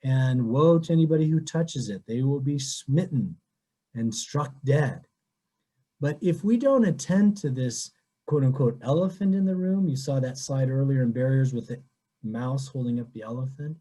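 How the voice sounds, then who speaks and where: A priest answering questions in a webinar, speaking conversationally with anecdotes over a video call. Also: male voice, medium pitch, normal speed, dark tone. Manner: conversational, with frequent restarts and anecdotes.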